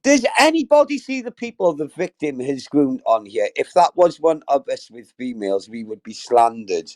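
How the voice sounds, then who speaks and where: A man's voice: medium pitch, big pitch swings, normal speed. A man hosting a casual livestream, talking straight to his chat in a sweary, effusive, rambling way. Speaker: livestream host.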